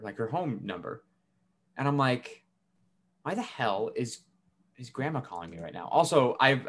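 A man's voice: mid-range voice, a bit bright. A young man co-hosting a podcast, telling a family story in a casual, swearing, laughing way. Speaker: podcast co-host.

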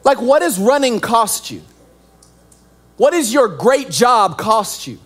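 Lively joking young male pastor. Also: very high voice, slow pace. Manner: animated, joking, playacts scenes. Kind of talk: sermon.

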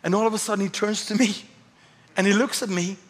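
A man pastor with a Swedish accent, telling a humorous story in a sermon, animated and self-mocking. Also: sits high, fast. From Sweden. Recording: church hall reverb.

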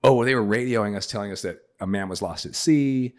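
Deep-voiced middle-aged man telling a story. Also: brisk. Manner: animated anecdote teller, acts out other people's lines. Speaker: podcast guest. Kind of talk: casual storytelling.

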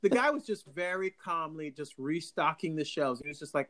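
A man chatting casually as a co-host, rambling and animated with frequent restarts, from Long Island. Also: on the high side, normal speed, few pauses. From Long Island, New York. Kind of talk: casual chat.

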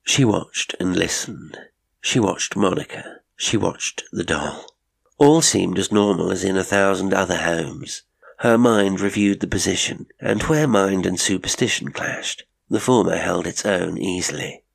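A man with a very deep, gravelly voice reads a ghost story aloud at a measured pace. His tone is husky and rough-edged, with heavy fry in it. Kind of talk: scripted narration of a ghost story.

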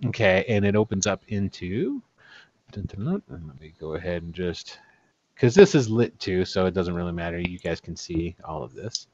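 A man's voice: sits low, normal speed, a little mellow, no echo, highs cut off. A man running a tabletop game as game master, narrating in a loose, casual way.

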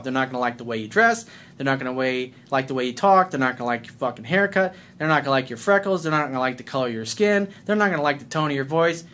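A man's voice: on the high side, fairly bright tone. Blunt, swearing man ranting. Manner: blunt, combative, heavy swearing. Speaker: life coach. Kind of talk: profane rant to camera.

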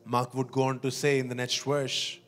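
A man's voice: medium pitch, flat delivery, moderate pace, fairly bright tone, soft background music. A man preaching a sermon in an earnest, emphatic way, often repeating words and asking the congregation questions.

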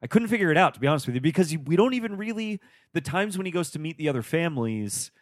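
A man's voice: on the high side, sing-song, racing, no room sound, clean studio sound. A man hosting a casual film discussion, rambling and restarting his sentences with many fillers.

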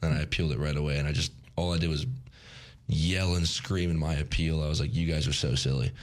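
A man's voice: a bass voice, flat delivery, fast talker. A young man co-hosting a college radio show, telling stories as a sarcastic rant. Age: young adult. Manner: ranting storyteller, sarcastic. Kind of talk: casual morning radio chat.

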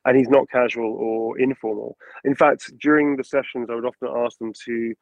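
On a casual video call interview, a lively male voice actor speaks at a moderate pace in a mid-range voice. He breaks into character voices to illustrate things, and the audio is dull, lo-fi, and dry with no room sound.

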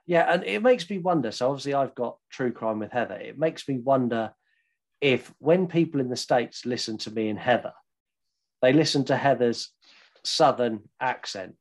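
A young man with an English accent holds forth on a podcast, his pitch sitting in an ordinary middle range. He tells stories in a loose, rambling way, full of jokes and casual swearing. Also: moderate pace. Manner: rambling, swearing, jokey storyteller. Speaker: podcast co-host. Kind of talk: casual chat.

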